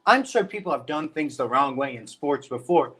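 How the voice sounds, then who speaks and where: A man's voice: a little high, animated, moderate pace, a bit bright, breathy edge, soft background music. A man from Iran with a Midwestern American accent, co-hosting casual sports talk and hedging his opinions. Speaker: co-host.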